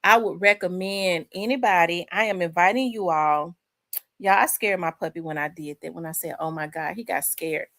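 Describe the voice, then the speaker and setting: A woman chats casually, rambling from one thought to the next and talking straight to her viewers. Her voice sits fairly low. She sounds relaxed and at home. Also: moderate pace. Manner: chatty, rambling, addresses viewers as y'all. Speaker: host. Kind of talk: casual chat with live viewers.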